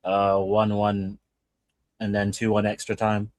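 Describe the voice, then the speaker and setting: A man answers plainly on a live stream, matter-of-fact and calm. His voice sits fairly low. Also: unhurried. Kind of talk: casual live stream chat.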